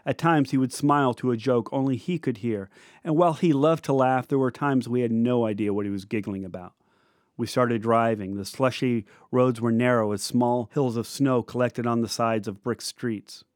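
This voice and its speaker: A man in his fifties reads his own memoir aloud. His delivery is reflective and measured, lingering on descriptive details. His pitch is mid-range for a man, and the recording is dry and close with no room sound. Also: no room sound. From United States. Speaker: memoir narrator. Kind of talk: reading a personal memoir aloud.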